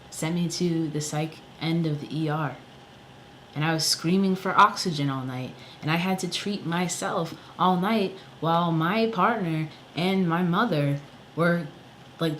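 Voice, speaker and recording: A man's voice: a little high, a bit bright, slight background noise, low-quality recording. A man, a songwriter, ranting angrily in a casual vlog, swearing often and filling with "you know" and "like". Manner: angry, profane, many fillers. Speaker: songwriter vlogger.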